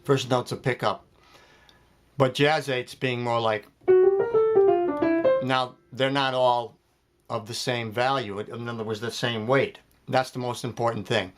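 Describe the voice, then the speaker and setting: A man's voice: mid-range voice, steady tone, a little slow, long pauses. A man giving a jazz piano lesson, explaining phrasing step by step and counting beats aloud. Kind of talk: spoken music lesson. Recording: loud piano playing behind the voice.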